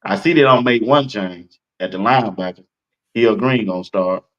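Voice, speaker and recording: A man giving measured football analysis as a co-host, pausing often with fillers. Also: lowish voice, fairly bright tone, lo-fi sound. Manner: measured, hesitant, many fillers. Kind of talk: sports talk analysis.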